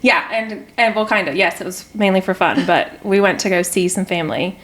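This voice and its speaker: A woman guest on a podcast in casual chat, from the US and raised partly in Ireland and England, telling stories with an animated manner. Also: mid-range voice, fairly quick. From United States, raised partly in Ireland and England. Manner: storytelling, animated when quoting others.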